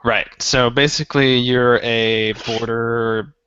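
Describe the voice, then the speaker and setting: A man's voice: mid-range voice, steady tone, slow, bright, forceful tone, smooth, no room sound. A man co-hosting a casual gaming podcast, rambling through stories and acting out what he thought at the time. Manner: rambling storyteller, acts out his own past thoughts. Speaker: podcast co-host. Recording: dull, slightly lo-fi dry sound.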